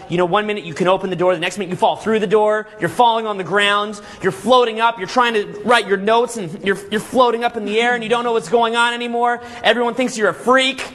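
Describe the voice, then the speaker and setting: A man giving a live seminar lecture to a room of people, energetic and full of rhetorical questions and "okay?" checks, acting out scenes as he tells them. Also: high voice, quick pace, hardly any pauses. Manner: acts out scenes with vivid storytelling. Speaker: seminar speaker.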